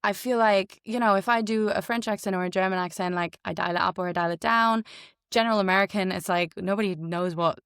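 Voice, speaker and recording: A woman voice actor as a guest in a casual interview, talking quickly and playfully, with lots of fillers and restarts. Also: mid-range voice, steady tone, a bit bright, clean tone, dry recording, clean studio sound.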